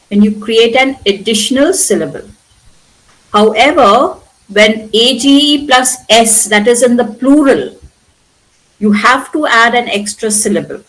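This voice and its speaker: A woman with an Indian English accent teaching a spoken English lesson, patiently repeating words slowly for her students. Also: a little high, a bit bright, rough recording. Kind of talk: classroom pronunciation lesson.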